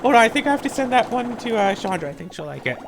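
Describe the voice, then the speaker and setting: A woman's voice: on the high side, big pitch swings, fast talker, noisy background. A woman hosting a let's-play, ranting sarcastically in casual gameplay commentary.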